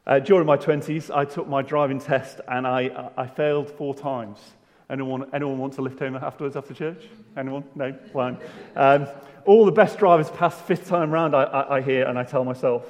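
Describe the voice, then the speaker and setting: A man's voice: medium pitch, fairly even intonation, normal speed. A man preaching a sermon in a church, conversational, with rhetorical questions and self-deprecating humour. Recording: long hall reverb.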